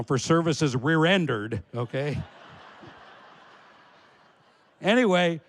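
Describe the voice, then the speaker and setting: A man from Alaska telling a comic story about himself, animated and laughing as he goes. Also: on the high side, big-room sound.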